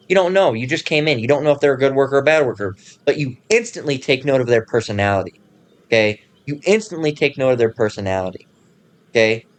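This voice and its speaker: A man hosting his own channel, ranting casually in a profane, rambling way and pausing to read passages aloud. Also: on the high side. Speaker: channel host.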